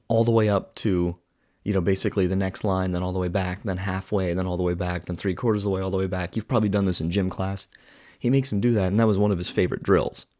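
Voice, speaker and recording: A man with a low, deep voice talks through a film review in a loose, chatty way. He leans on filler words and slips into quoted lines as he retells scenes. The recording is close and dry, with no room sound. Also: a little mellow, no echo. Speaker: podcast host reviewing a film. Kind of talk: casual film review monologue.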